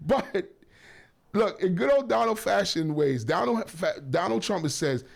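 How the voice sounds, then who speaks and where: A male radio host with a gravelly, fairly high voice, talking loosely into a studio mic. He rambles and jokes, corrects himself often, and keeps sending shout-outs. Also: expressive, measured pace. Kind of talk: casual talk radio.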